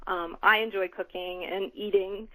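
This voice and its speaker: A woman's voice: medium pitch, fairly even intonation, moderate pace, a bit bright, low-quality recording. A middle-aged woman author being interviewed, speaking thoughtfully with frequent ums and restarts. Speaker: author guest. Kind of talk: conversational interview.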